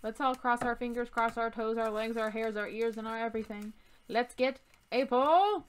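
A woman's voice: on the high side, little pitch movement, a little fast, slight background noise. A young woman hosting a card-opening vlog, chatting casually in a jokey, self-deprecating way. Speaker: YouTube host opening trading card packs. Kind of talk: casual chat.

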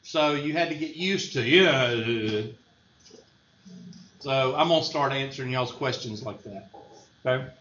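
A man's voice: medium pitch, unhurried, pauses often, fairly bright tone. Folksy man teaching a math class. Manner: folksy, joking, drawling. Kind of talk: classroom lecture. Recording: echoey room, dull lo-fi sound, faint noise.

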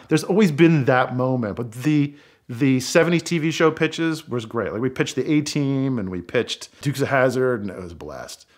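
A middle-aged man telling a road-trip story in a casual, animated way, acting out what people said. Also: medium pitch. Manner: animated storytelling, acts out quoted dialogue. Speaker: storyteller guest.

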